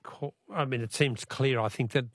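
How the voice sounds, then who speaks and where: An Australian man hosts a talkback quiz on radio, his voice gravelly and mid-pitched. He chats loosely, rambles through asides and laughs often. The studio sound is dry and close. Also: moderate pace, dry recording. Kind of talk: casual talkback radio chat.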